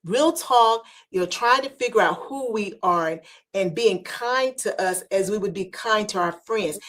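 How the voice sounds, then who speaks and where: A woman's voice: mid-range voice, measured pace, fairly bright tone. A woman host talks in a motivational, almost preacherly style. Her mid-range voice stays earnest. She leans on repetition to drive each point home. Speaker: podcast host. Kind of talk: motivational talk.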